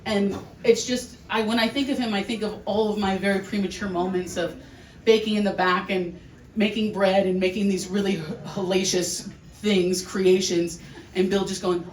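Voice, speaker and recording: A woman giving a heartfelt memorial speech for her uncle, emotional and halting, with restarts and laughs. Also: mid-range voice, fairly even intonation, a crowd in the background. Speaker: family member giving a eulogy. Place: large hall with an audience. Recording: echoey room, distant mic, noisy.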